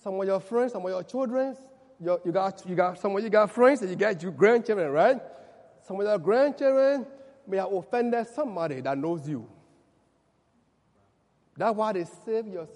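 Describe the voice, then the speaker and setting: A male preacher delivering a sermon with a strikingly high voice that rises and falls dramatically. He shouts his points, then drops to quiet asides, calling out to the congregation. His voice rings through the long reverb of a large hall. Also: animated, normal speed, long pauses. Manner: emphatic, swings from loud shouts to quiet asides, calls out to the congregation. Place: church.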